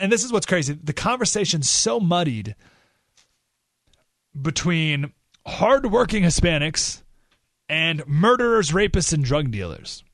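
A man hosting a talk radio show, delivering an animated political monologue and often repeating or restarting words. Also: sits high, no echo, studio quality.

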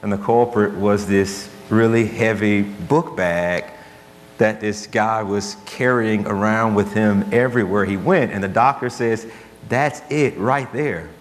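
A man's voice: fairly low pitch, steady tone, a little slow. A man preaching a sermon as pastor, earnest and conversational, telling stories to make his point. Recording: long hall reverb, faint hum.

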